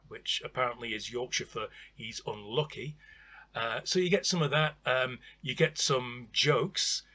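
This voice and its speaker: A chatty man talks through an old vinyl record in a relaxed review, wry and full of ums and uhs. His voice is bright and a little husky, at a middle pitch. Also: slow.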